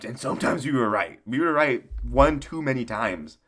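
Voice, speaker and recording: A man's voice: medium pitch, expressive, normal speed, fairly bright tone. A man giving a casual, profane sports recap rant in a rambling, mocking way, often laughing at his own jokes. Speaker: sports commentator.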